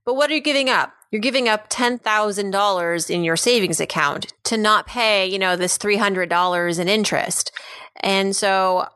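A woman's voice: mid-range voice, normal speed, fairly bright tone, clean tone, no echo. A woman hosting a podcast, giving casual personal finance advice and thinking aloud with restarts. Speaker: podcast host.

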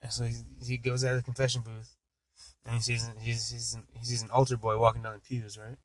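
A man's voice: medium pitch, flat delivery, a little fast, dry recording, low-quality recording. Young guy, rambling joke teller, swears a lot, dry close mic. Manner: heavy cursing, rambling. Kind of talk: casual chat, joke telling.

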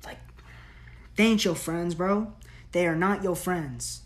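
Blunt, profane woman with a low voice. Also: measured pace. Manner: blunt, profane, slangy tough-love ranting. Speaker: podcast host. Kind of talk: solo podcast monologue.

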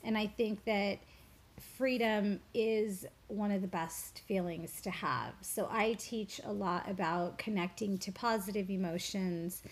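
A woman's voice: mid-range voice, steady tone, unhurried. A woman guest in an interview, a spiritual teacher, talking earnestly and reflectively about her faith and a childhood memory, with fillers and repeated words. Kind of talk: personal storytelling in an interview.

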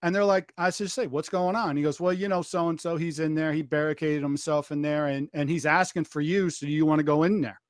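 A man's voice: on the high side, steady tone, fairly quick, few pauses, dry recording, studio quality. An American man telling a story on a podcast, acting out the dialogue as he retells it, with frequent restarts and repeated phrases.

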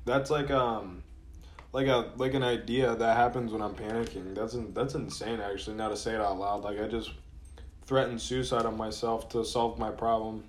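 A man's voice: lowish voice, fairly even intonation, normal speed, a little hiss or hum. A man talking casually in a rambling, profane monologue, full of fillers and restarts, his throat sore and dry from a cold. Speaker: podcast host.

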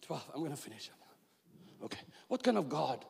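A man's voice: on the high side, sing-song, moderate pace, vocal fry, a little mellow, slight background noise. A man in his fifties preaching a sermon in a church with impassioned delivery, voicing God's words in quotes. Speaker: pastor. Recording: long reverb of a church hall.

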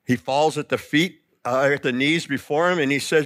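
A man preaching a sermon, telling the story with lively emphasis and acting out the quoted lines. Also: a little high, moderate pace, no echo, clean studio sound. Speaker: pastor.

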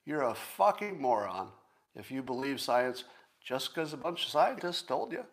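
A man in his sixties hosting a solo commentary show, talking in an emphatic, sarcastic and profane way and repeating points slowly for emphasis. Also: mid-range voice, big pitch swings. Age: 60s. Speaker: podcast host.

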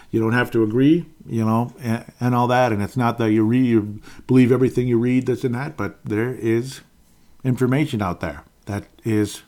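A man's voice: fairly low pitch, a little mellow. A man in his forties giving a casual, rambling, opinionated political monologue, chuckling often. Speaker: political commentator.

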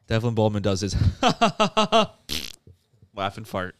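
A man's voice: on the low side, sing-song, slow, a bit bright, clean tone, no room sound. A man hosting a podcast, casually recapping a comedy movie and laughing often as he tells it. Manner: laughs often while retelling. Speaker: podcast host.

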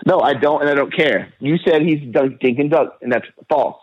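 A mid-pitched man on a casual sports podcast, arguing gruffly and cursing. The recording is dull and lo-fi, and dry, with no room sound. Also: moderate pace, dry recording. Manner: gruff, profane, argumentative. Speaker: podcast co-host.

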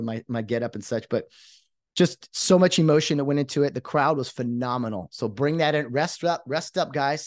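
A podcast host delivers a fired-up, emphatic monologue that rambles and restarts in his excitement. His mid-range voice comes through dry and clean, with studio-quality sound.

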